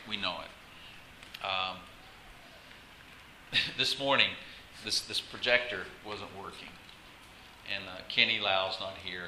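A man pastor giving a casual, halting sermon to his congregation, repeating words and laughing often. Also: low voice, bright, forceful tone. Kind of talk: conversational sermon. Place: church sanctuary. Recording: echoey room, faint ambient noise.

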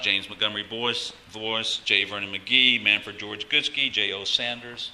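Sharp-voiced preacher. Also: male voice, lowish voice, a little hiss or hum, rough recording. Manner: conversational, asks the congregation questions, frequent restarts. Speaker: pastor. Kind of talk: sermon.

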